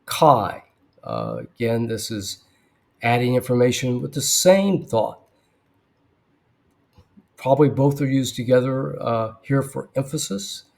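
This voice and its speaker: A man explains biblical Greek grammar verse by verse in an unhurried, deliberate lesson. His voice sits at an ordinary middle pitch, and he pauses often with fillers and throat clearing. Now and then he drops in a dry aside. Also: very animated. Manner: slow, thoughtful, with frequent fillers and throat clearing. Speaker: Bible Greek teacher.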